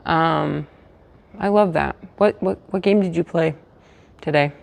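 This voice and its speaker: An American woman livestreams from a hotel room, chatting casually and rambling with lots of fillers and restarts while trying to keep her voice down. Her voice sits low and gravelly, at a measured pace.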